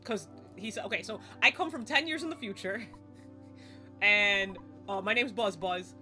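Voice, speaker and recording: Woman, young adult, game streamer, live commentary, chatty, swears casually, sharp bright voice. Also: medium pitch, moderate pace. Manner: chatty, excitable, swears casually, laughs often. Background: faint game music.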